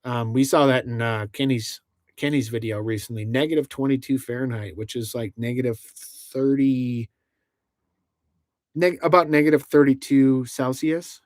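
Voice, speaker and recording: A man's voice: medium pitch, fairly even intonation, normal speed, dry recording. Host, male, casual livestream talk, rambling and chatty, dry close sound. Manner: rambling, many restarts, laughs between lines. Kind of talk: casual livestream chat, reading out viewer comments. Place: inside a truck camper.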